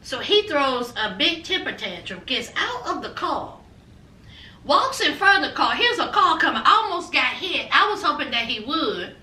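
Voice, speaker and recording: A woman recaps a reality show with sassy, animated storytelling. Her voice is very high and bright, and it swings widely in pitch. She sounds a bit far from the mic, in a roomy, echoing space. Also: moderate pace. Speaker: reality TV reviewer. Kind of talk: casual recap commentary.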